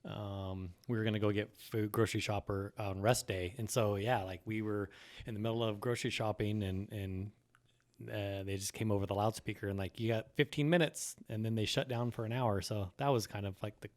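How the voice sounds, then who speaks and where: A man's voice: lowish voice, fairly even intonation, fairly quick, darkish tone. A man who is a guest on a podcast, telling a story in a rambling, casual way. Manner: rambling, strings thoughts with "and" and "like". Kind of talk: casual chat.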